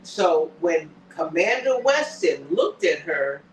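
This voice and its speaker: A man with a notably high voice hosts a casual recap of a TV episode, talking in an animated way. He acts out bits of dialogue as he retells the scenes. He is recorded in an echoey room, some way back from the mic. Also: slow, recorded from a distance, a little hiss or hum. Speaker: show host.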